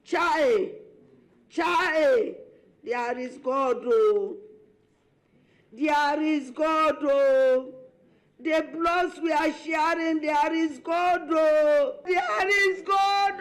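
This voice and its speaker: This is a shrill, drawn-out Nigerian First Lady figure, put on by a woman for a comedy skit. She scolds and wails in long, very slow phrases with a Nigerian accent. The tone is bright and piercing. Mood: wailing. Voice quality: drawn-out wailing, repeats "there is God, oh". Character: wailing, pompous older woman, First Lady impression.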